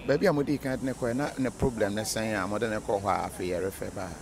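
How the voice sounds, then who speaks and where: Ghanaian male interviewer, brief questions, lowish voice, traffic noise behind. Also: steady tone, quick pace, creaky. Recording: street noise with vehicles.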